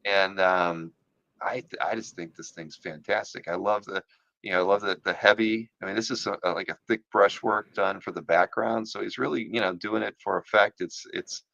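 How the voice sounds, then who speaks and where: A man's voice: fairly low pitch, steady tone, moderate pace, vocal fry, bright, forceful tone, dry recording, muffled recording. A man hosting a casual chat about comic art, rambling with many fillers and restarts, and losing his voice. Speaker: podcast host.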